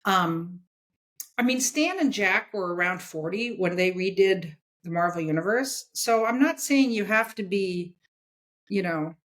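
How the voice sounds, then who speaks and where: A woman in her sixties, a guest in an interview, talking in an animated, emphatic way and checking her points with "okay?". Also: mid-range voice, unhurried. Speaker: guest, comics editor. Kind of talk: casual interview chat.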